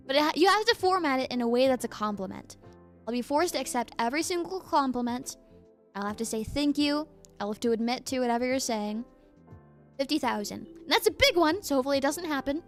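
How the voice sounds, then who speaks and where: A young adult woman streamer chatting casually with her live chat, playful and laughing often as she reads messages aloud. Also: high-pitched.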